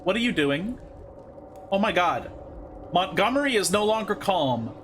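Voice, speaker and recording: Excitable, high-voiced male game streamer. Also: a little slow, slight background noise. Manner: excitable, swearing, with loud surprised outbursts. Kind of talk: live game commentary.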